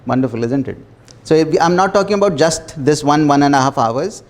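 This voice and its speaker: A man leading a small self-development workshop, talking earnestly with repeated phrases and soft laughs. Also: fairly high pitch, lively intonation, brisk. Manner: earnest, repetitive, laughs softly between phrases. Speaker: workshop facilitator. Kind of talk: motivational workshop talk.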